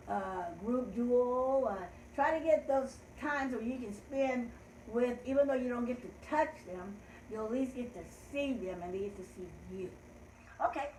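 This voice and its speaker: An older woman hosting a children's learning show, leading a calendar lesson in slow, encouraging teacher talk with cheerful call-outs. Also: fairly high pitch, reverberant, a little hiss or hum, low-quality recording.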